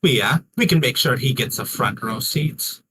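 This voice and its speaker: A man's voice: mid-range voice, animated, normal speed, a bit bright, slight background noise, close to an everyday voice. A man voicing a sly female adventurer who talks in a coaxing, sweet way.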